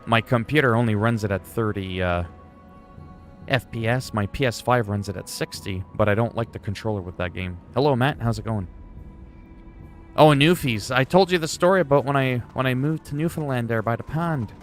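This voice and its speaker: A man's voice: mid-range voice, moderate pace, faint music behind. A man streaming games, chatting in a rambling, joking way with some swearing. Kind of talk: casual chat while gaming.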